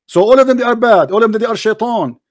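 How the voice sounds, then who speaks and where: A man's voice: sits high, fast, no echo, clean studio sound. A man hosting a heated debate, repeating questions and interrupting his opponent. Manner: repetitive, pressing, interrupting. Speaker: debate host.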